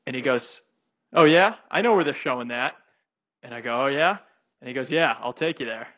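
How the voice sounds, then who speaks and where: A man's voice: mid-range voice, fast talker, fairly bright tone, dry recording. A young man co-hosting a podcast, telling a rambling anecdote full of fillers in casual chat. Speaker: podcast co-host.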